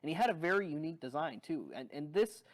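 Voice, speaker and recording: Guy doing a casual toy review video, rambly and excited fan talk, lots of ums. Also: on the high side, fast talker. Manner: rambling fan enthusiasm with fillers and restarts.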